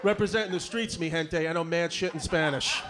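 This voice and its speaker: A man's voice: high voice, brisk. A man doing a brash, profane stand-up set with crowd work. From Brooklyn, New York. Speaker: stand-up comedian. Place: comedy club stage before a live audience. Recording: live club recording with audience noise. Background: audience laughter.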